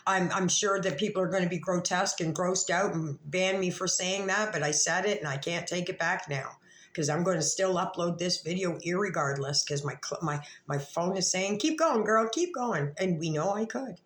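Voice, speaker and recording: A woman's voice: fairly low pitch, moderate pace, echoey room. A woman vlogger talking straight to the camera in a rambling, confrontational rant, swearing freely.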